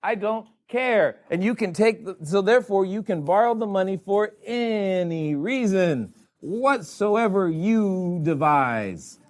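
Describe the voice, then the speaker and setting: A man with a slightly high voice leads a live seminar audience through a board game. He talks in a playful way and keeps teasing the room with questions. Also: moderate pace, few pauses, a little mellow. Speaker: real estate educator running a board game.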